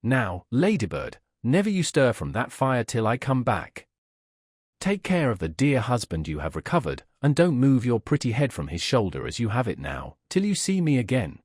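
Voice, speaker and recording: A man's voice: medium pitch, huge pitch swings, moderate pace, a little mellow, no room sound, studio quality. A man voicing a bustling, emphatic middle-aged woman, a loyal governess, in an audiobook.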